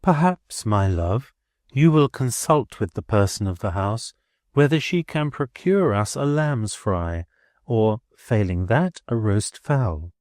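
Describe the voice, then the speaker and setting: A man's voice: lowish voice, lively intonation, a little mellow, no echo, studio quality. A man voicing a prim, genteel older schoolmistress who speaks formally and stiffly. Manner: formal, measured, stiffly polite.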